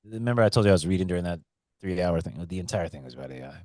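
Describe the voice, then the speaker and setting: A man's voice: sits low, expressive, rapid-fire, a little mellow, no room sound. A man co-hosting a podcast in casual chat, telling rambling stories and laughing often. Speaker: podcast co-host.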